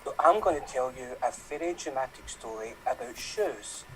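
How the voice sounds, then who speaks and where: A man's voice: medium pitch, expressive, normal speed, slight background noise, poor audio. A man improvising a mock-dramatic comic monologue on a video call. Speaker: improv performer.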